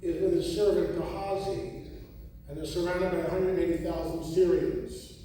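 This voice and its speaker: High-voiced man lecturing in an echoey hall. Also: normal speed, slight background noise. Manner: animated, rhetorical questions. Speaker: conference speaker. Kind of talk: lecture to a live audience. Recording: echoey hall recording from far off.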